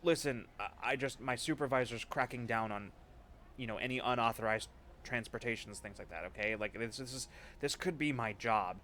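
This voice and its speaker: A twitchy delivery driver, put on by a man who stammers through every excuse and keeps apologizing. He sounds eager to please and quick to back down, in a mid-range male voice. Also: mid-range voice, sharp tone, slight background noise, close to an everyday voice. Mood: nervous. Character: nervous male delivery driver, easily cowed.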